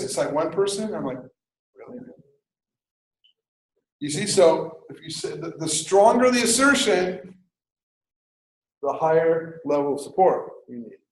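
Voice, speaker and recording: Jokey male writing instructor in an echoey classroom. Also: on the high side. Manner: lively, conversational, jokey asides. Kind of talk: classroom lecture.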